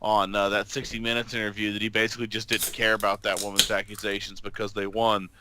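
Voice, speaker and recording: A man's voice: on the low side, little pitch movement, fast talker, background noise. A man co-hosting a podcast in casual chat, speaking hesitantly with frequent fillers. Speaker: podcast co-host.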